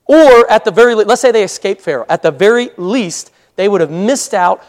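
Pastor, male, high voice; chatty sermon with amen calls and laughs. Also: lively intonation, fairly quick.

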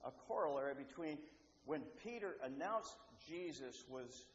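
A man preaching a sermon, animated, acting out the voices he quotes, with repeats and restarts. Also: a little high, normal speed. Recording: roomy, dull, faintly noisy hall.

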